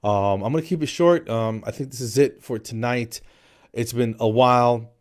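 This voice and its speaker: A man's voice: mid-range voice, normal speed. A man in his forties, from New Jersey, hosting a podcast in a jokey comedic monologue that he peppers with "man" and "dude". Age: 40s. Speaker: podcast host.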